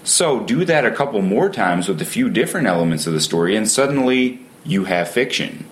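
A man with a notably low voice hosts a casual podcast conversation about a book. He talks enthusiastically, with lively asides as he makes his points. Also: fairly quick.

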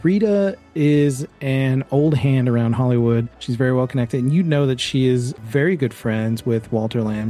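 A man narrating as game master in a tabletop role-playing game, in a relaxed descriptive manner. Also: fairly low pitch.

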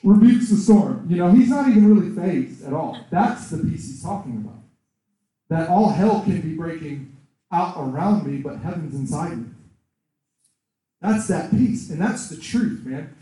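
A man preaching a sermon in a conversational, animated way, acting out quoted voices. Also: a little high, measured pace. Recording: echoey room, far from the mic.

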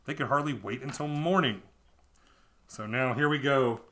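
Brief: amused male podcaster, bright voice, mocking a storybook as he reads. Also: medium pitch, moderate pace. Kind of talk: reading a children's book aloud with mocking asides.

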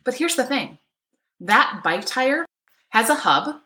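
A woman's voice: fairly high pitch, sing-song, slow, pushed and bright, roomy sound, slight background noise. A middle-aged woman coaching an online workshop, upbeat and chatty, often checking in with "right?". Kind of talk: live online workshop talk. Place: home office.

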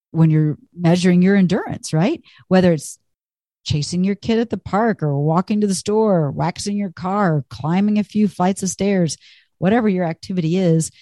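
A woman's voice: low voice, warm tone, no echo, clean studio sound. Chatty, encouraging woman fitness coach. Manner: chatty and encouraging, laughs at herself. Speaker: fitness instructor. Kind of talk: upbeat fitness talk.

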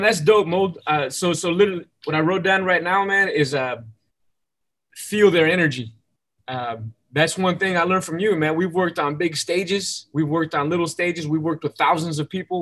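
Male podcast host, eager and reflective, slightly raised pitch, casual talk. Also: moderate pace, a bit bright. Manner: enthusiastic, reflective, repeats words while thinking. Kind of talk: casual interview conversation.

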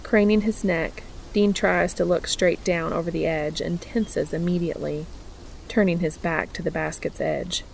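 Soft-voiced woman reading fan fiction. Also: lowish voice, fairly even intonation, measured pace, vocal fry, a little hiss or hum. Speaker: reader of a fan fiction audiobook. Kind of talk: audiobook narration of fan fiction.

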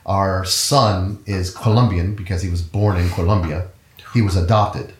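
Deep-voiced man, roomy sound. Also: steady tone, measured pace, a little hiss or hum. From United States. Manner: rambling, self-correcting, easygoing. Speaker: guest, orchestral musician. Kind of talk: conversational interview storytelling. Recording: roomy echo.

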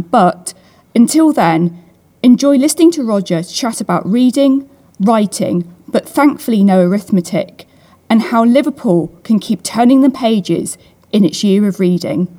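A woman's voice: a little high, expressive, normal speed, warm tone. Woman interviewer with a prepared introduction. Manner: smooth, prepared reading. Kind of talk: scripted introduction, then interview questions. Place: hotel book room, indoors.

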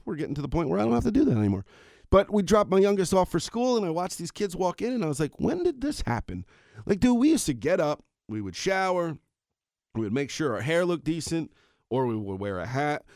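A man's voice: on the high side, a little mellow, dry recording, studio quality. A middle-aged man hosting his own podcast, ranting in a casual, rambling way with self-aware asides. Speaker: podcast host. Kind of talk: casual solo podcast rant.

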